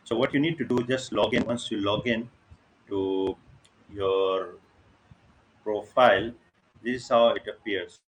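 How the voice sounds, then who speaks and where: A fairly low-voiced man teaches over a video call, with a light hiss of room noise underneath. He talks in a halting, casual way, filling pauses and checking that the group keeps up. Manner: halting, many fillers, checks in with listeners. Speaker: online workshop instructor. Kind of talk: casual live teaching over screen share.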